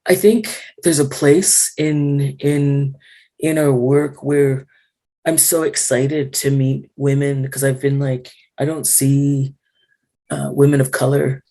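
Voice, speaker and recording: A woman speaking in a casual panel discussion, frank and animated, with lots of fillers, over a video call. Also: a bass voice, slow. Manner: animated, frank, full of fillers and acted-out quotes.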